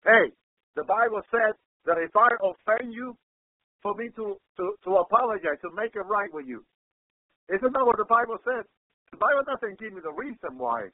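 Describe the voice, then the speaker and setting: A man's voice: high voice, expressive, normal speed. A man preaching a sermon, dropping "praise the Lord" between phrases and acting out letters from listeners. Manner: acts out quoted people in his own voice. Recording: tinny phone-like radio broadcast sound.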